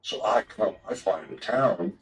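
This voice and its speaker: Very deep-voiced older man telling yarns. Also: expressive, moderate pace, slight background noise, low-quality recording. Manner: profane, rambling yarn-spinner. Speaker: guest telling old stories. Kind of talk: casual storytelling.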